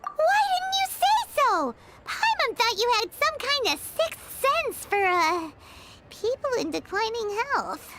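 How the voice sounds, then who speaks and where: A woman's voice: very high voice, big pitch swings, takes it slowly, very noisy, exaggerated voice. A woman voicing a tiny, chirpy floating companion in a video game who speaks of herself in the third person. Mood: blunt teasing. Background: game music.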